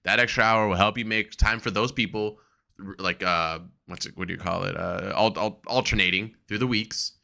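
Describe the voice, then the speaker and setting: Sharp-voiced excitable podcast host man. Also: fairly low pitch, normal speed, vocal fry. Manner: excitable, profane, acts out quotes. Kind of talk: casual wrestling podcast chat.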